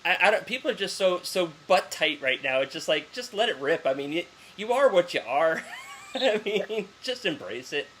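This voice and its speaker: A man's voice: sits high, big pitch swings, normal speed, fairly bright tone. A man interviewing a guest in casual chat, joking and laughing often. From German heritage. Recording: faint hiss behind the voice.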